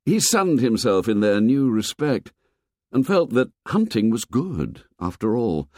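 A man narrating a novel aloud in a measured, expressive storytelling manner. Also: mid-range voice, no echo, studio quality. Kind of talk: audiobook narration.

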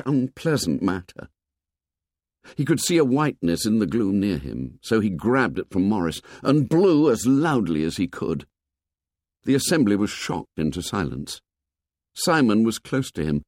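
Male audiobook narrator, measured storytelling, lively pitch, dry close sound. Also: no room sound. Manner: expressive, measured storytelling that drops low and soft for tense passages. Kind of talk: scripted narration.

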